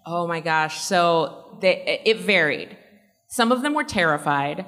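A woman's voice: fairly low pitch, animated, unhurried, a bit bright, soft background music. A woman answering fan questions at a convention panel, chatty and laughing often, with many fillers. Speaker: panel guest and actor. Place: large convention hall. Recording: long reverb of a convention hall.

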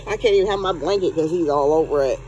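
A woman's voice: sits low, fast, dark tone, dull audio, a little hiss or hum. A woman, scolding her dogs in a playful, exasperated way at bedtime at home. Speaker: pet owner. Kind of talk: home video vlog.

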